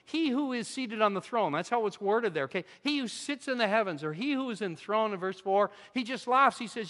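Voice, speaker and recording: A man preaching a sermon in a church, animated and conversational, his voice swinging from loud emphasis to quiet asides. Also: high voice, brisk, few pauses. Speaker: pastor. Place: church sanctuary. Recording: long hall reverb.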